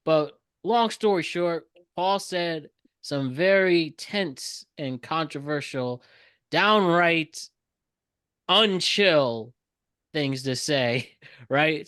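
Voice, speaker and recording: A man hosting a casual podcast, explaining things to listeners with quick asides. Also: fairly high pitch, a bit bright, clear, resonant tone, no room sound. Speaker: podcast host.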